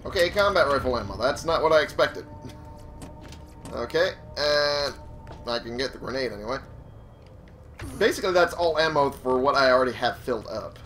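Man doing let's play commentary: casual, swears freely, lively pitch. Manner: casual, swearing, laughing to himself. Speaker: gamer.

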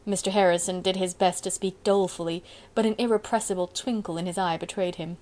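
A woman narrating a classic novel for an audiobook in a measured, even storytelling manner. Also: fairly low pitch. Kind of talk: scripted narration.

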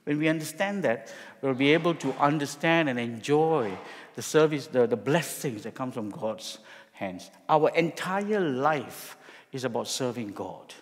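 A middle-aged man from Singapore, a pastor preaching and telling a personal story in a joking, halting way. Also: mid-range voice, animated, in a large hall. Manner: jokey storytelling, many restarts. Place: church hall.

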